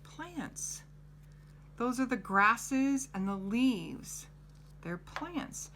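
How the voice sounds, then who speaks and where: A middle-aged woman teaching a children's lesson, gently coaxing and asking the child questions. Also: fairly high pitch, very animated, drawn-out words, a little hiss or hum.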